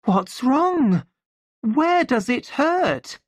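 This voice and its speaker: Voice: high voice, big pitch swings, drawn-out words, no room sound, voice pushed up, full character voice. A storybook reader voicing a frightened young woman, the older half-sister, crying out urgently.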